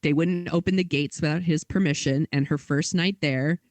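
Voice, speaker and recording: A woman's voice: sits low, steady tone, moderate pace, a little mellow, no room sound. A woman co-hosting a podcast, telling a story in casual chat with lots of "like" and quoted dialogue. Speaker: podcast co-host.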